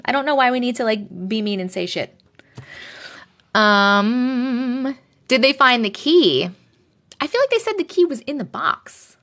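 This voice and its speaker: A woman's voice: a little high, very animated, measured pace, pauses often, a bit bright. A woman with a Long Island accent hosting a live stream, chatting casually and reading viewer stories into a phone mic held close or clipped to her shirt. She is blunt and chatty and swears freely. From Long Island, New York.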